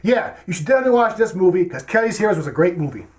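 A man's voice: big pitch swings, very fast, a little mellow. A man playing Kelvin, a dim-witted young film fan who rambles with broken grammar and stammered restarts. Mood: dopey. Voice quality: very high goofy voice. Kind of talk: comedic character sketch.

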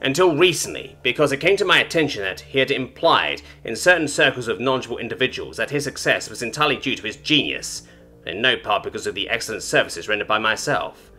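A man's voice: mid-range voice, animated, fast, bright, forceful tone, slightly rough, soft background music. A man reading as a haughty alien broker woman. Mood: cold, formal. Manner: clipped, formal, disdainful. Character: haughty cold female alien information broker. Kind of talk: storybook reading.

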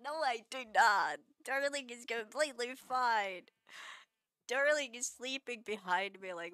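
Woman streamer, slightly high and bright voice, unhurried, playful mock-scolding with frequent laughs. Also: no echo. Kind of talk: casual live-stream chat with viewers.

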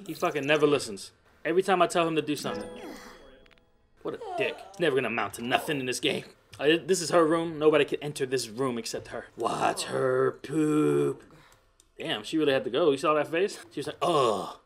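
A gamer delivers rambling, profane Let's Play commentary over a life-simulation game, frequently mocking its characters. His voice is fairly high and he talks fast.

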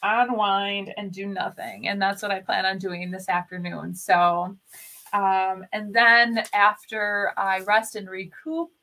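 A woman's voice: mid-range voice, little pitch movement, slow pace, sharp tone. A woman hosting a live crafting stream in a casual, chatty way, greeting viewers by name and rambling with many fillers and self-corrections. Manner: chatty and upbeat, greets viewers and reads their comments aloud. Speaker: host of a furniture-flipping craft channel.

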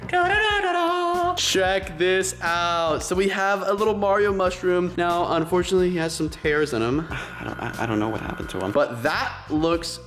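A young man hosting a casual vlog, playful and excitable as he chats with his viewers. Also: sits high, moderate pace, hardly any pauses. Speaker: YouTube vlogger. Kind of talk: casual vlog talk to camera. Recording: roomy echo with music bed.

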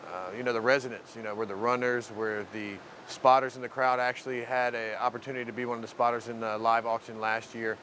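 A program resident and volunteer from the mainland talks fast in a casual interview, barely pausing, his mid-range, slightly bright voice showing little pitch movement. There's slight background noise. He rambles loosely about his work with the program, leaning heavily on "you know."

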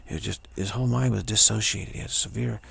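A man's voice: on the low side, fairly even intonation, quick pace, gravelly, a bit bright, slightly rough. A man telling a spiritual story in a rambling way, repeating himself and restarting often, with a sore throat. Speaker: spiritual teacher. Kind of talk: casual spoken reflection.

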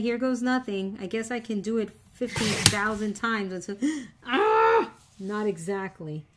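A woman's voice: medium pitch, background noise. A middle-aged woman hosting a papercraft tutorial, chatting with viewers and teasing herself about nervous mistakes. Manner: chatty, self-teasing, nervous jokes to her audience. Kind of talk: casual crafting demo, talking to viewers.

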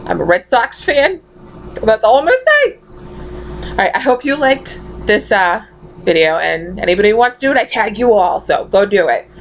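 A woman's voice: mid-range voice, expressive, a little fast, creaky, a little hiss or hum, low-quality recording. A young woman with a thick Massachusetts accent chatting casually at home, reading out questions and laughing often. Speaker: vlogger. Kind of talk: casual accent tag video.

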